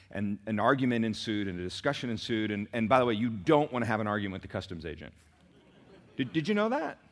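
A man's voice: lowish voice, fairly bright tone. Conversational preaching man, dynamic swings. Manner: conversational preaching with asides and rising emphatic peaks. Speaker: pastor. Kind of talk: sermon.

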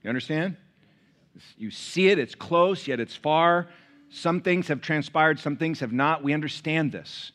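Middle-aged man, pastor, bright edge to the voice, story-driven sermon with asides to the congregation. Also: a little high, normal speed.

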